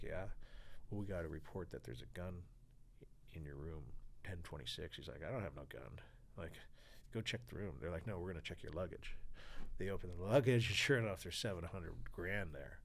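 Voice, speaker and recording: A man's voice: deep voice, brisk, gravelly, slight background noise. A man in his forties from California, a podcast guest telling a story with energy, acting out other people's lines and swearing freely. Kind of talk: storytelling interview.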